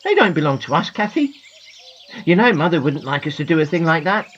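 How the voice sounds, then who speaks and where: A woman's voice: sits low, very animated, fairly quick, dull audio, slight background noise. A woman voicing an earnest, well-behaved little boy in a storybook, worried and scolding. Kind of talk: storybook reading.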